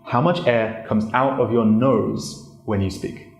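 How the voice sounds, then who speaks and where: A man presenting a casual pronunciation lesson as a learner of the language, explaining in a relaxed, chatty way with lots of "like" fillers. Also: mid-range voice, unhurried. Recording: roomy echo.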